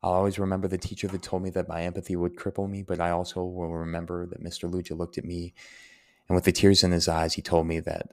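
Low, gravelly-voiced earnest young man. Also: completely flat delivery, fast. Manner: earnest, heartfelt, explains word origins. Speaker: host answering listener questions. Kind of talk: reflective Q&A monologue.

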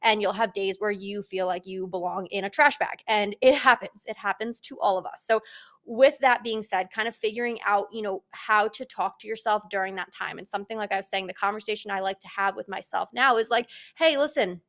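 A woman's voice: medium pitch, brisk. A young woman hosting a casual solo podcast, talking frankly and animatedly, swearing freely. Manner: blunt, frank and profane, animated. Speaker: podcast host.

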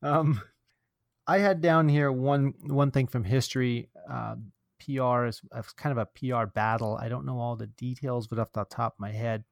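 A man hosting a marketing podcast in casual chat, tossing in quick jokes and asides. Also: mid-range voice, fairly even intonation, gravelly, no room sound, clean studio sound. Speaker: podcast host.

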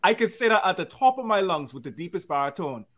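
A man chatting casually as a panelist, joking and animated. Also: high-pitched, quick pace. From Bahamas. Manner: joking, animated, laughs often. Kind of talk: casual chat.

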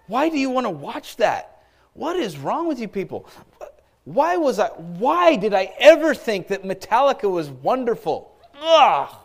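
A man reading a scripted podcast outro in a smooth promotional manner. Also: sits high, big pitch swings, normal speed. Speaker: podcast announcer.

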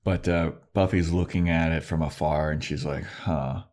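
A man's voice: extremely low pitch, fairly even intonation, normal speed, darkish tone. A man co-hosting a podcast, casually recapping episodes and acting out the characters' lines in mock voices, with plenty of swearing. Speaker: podcast co-host.

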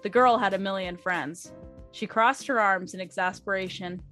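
A young woman reads a story aloud in a casual, chatty way, with some giggles along the way. Her voice sits at a middle pitch. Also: moderate pace, fairly bright tone, faint music behind. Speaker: fanfic reader.

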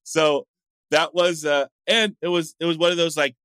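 A middle-aged man from the United States tells casual, rambling stories as an interview guest. His voice is bright and forward. The sound is dry, with no room echo. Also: fairly high pitch, fairly even intonation, normal speed, clear, resonant tone. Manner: chatty, rambling anecdotes with frequent fillers. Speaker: coffee shop founder, guest.

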